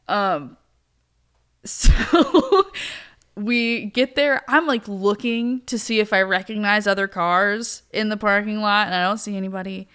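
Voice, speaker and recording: A woman co-hosting a podcast, telling a personal story in a casual, animated way and laughing often. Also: medium pitch, measured pace, smooth. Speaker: podcast co-host.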